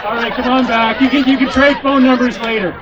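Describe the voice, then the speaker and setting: A man's voice: very high-pitched, level tone, a little fast, very noisy. Joking man rousing a crowd. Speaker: motivational speaker and corporate trainer. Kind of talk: speech to a crowd at a gathering. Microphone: handheld microphone.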